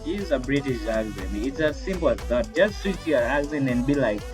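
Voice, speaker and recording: A man's voice: medium pitch, lively intonation, normal speed, a little mellow, soft background music. A young man chatting casually with his voice assistant, hesitant and rambling with lots of fillers. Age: young adult. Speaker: tech video creator.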